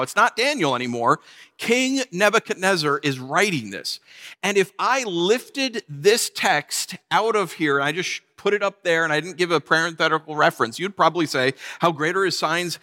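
A man preaching a sermon, telling a funny personal story with lively, animated delivery. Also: high-pitched, normal speed. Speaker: pastor.

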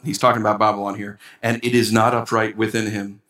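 A man preaching a sermon as a pastor, animated and acting out complaints to God with a rising voice. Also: on the low side, fast, few pauses, roomy sound.

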